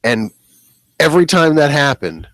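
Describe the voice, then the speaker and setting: Man chatting on a podcast, lively voice, laughs a lot, dry close sound. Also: on the high side, normal speed, no echo. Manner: laughs often, rambling storyteller. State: hiccuping. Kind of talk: casual chat.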